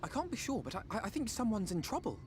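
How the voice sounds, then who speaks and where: A woman's voice: a little high, sing-song, quick pace, darkish tone, a little hiss or hum. An actress voicing an earnest young woman adventurer in a game, sounding urgent.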